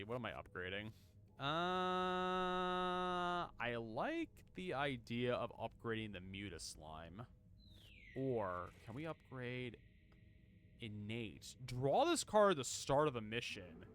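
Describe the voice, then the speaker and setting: A man's voice: medium pitch, big pitch swings, a little slow, a bit bright, smooth. A man streaming a game, chatting casually, reading game text aloud and laughing often. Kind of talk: casual gameplay commentary.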